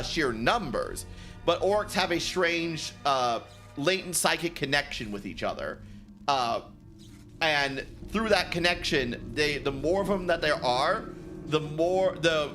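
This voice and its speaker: A man's voice: on the high side, sharp tone. A man streaming a game from home on a headset, rambling casually, swearing and laughing often. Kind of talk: casual gaming stream chat.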